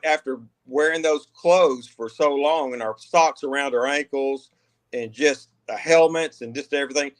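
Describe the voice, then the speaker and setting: A man in his sixties, a guest hesitantly and earnestly recalling an old story. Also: on the high side. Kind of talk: casual storytelling.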